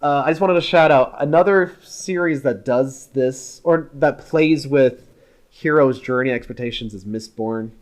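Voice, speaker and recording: Podcast guy getting excited about a movie, rambly and lively, mid pitch. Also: a little slow. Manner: animated, chatty, jumps between thoughts. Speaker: podcast co-host. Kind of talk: casual film discussion.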